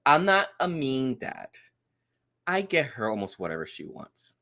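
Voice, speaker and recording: A man's voice: mid-range voice, unhurried, gravelly. Guy in his 30s on a podcast, voice jumps all over the place, acts out everybody's lines. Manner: animated storyteller, acts out quotes. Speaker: podcast guest. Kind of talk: casual chat.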